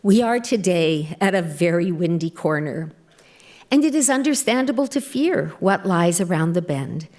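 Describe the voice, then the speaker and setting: Woman giving a slow, measured speech. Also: fairly low pitch, expressive, darkish tone. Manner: slow, measured delivery with deliberate pauses. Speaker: speaker at a policy event. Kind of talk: formal speech.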